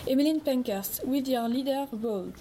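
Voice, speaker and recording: A woman's voice: high voice, normal speed, heavy background noise, natural voice. A young woman playing a polite female radio presenter who moderates a debate in a school role-play, reading formally from a script. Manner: formal, reading from a script, non-native phrasing.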